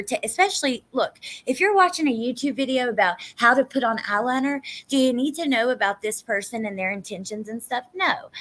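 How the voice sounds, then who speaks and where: A woman's voice: a little high, a bit bright. Chatty Southern woman streamer. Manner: chatty, emphatic, swears, laughs often. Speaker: true crime livestream host. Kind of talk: casual livestream chat reading comments.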